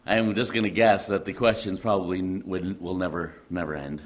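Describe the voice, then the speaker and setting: Deep-voiced Midwestern pastor preaching. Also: male voice, fairly even intonation. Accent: Midwestern American. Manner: conversational and halting, frequent fillers and restarts, gently humorous. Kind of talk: sermon.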